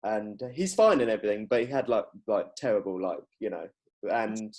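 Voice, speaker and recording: A man's voice: on the low side, expressive, normal speed, darkish tone. A young man, hosting a podcast in casual chat, rambling and laughing often as he acts out quotes. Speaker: podcast host.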